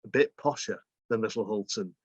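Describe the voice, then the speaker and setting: A guest author from England with a northern accent mixing Salford and Bolton tells stories in an interview conversation, imitating dialect phrases as he goes. His voice is lowish and brisk, and the lo-fi recording has no echo.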